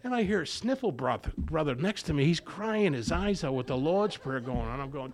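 A man's voice: fairly high pitch, expressive, brisk, few pauses. A man giving a personal testimony to a recovery group, telling his story with humor and acting out the dialogue. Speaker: recovery meeting speaker.

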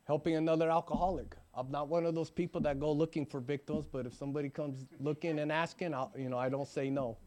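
Man, 40s, recovery testimony, emphatic and earnest, a bit high-pitched. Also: steady tone, fast talker, few pauses, a little mellow. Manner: earnest and emphatic, often asks "right?". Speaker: recovering alcoholic sharing his story.

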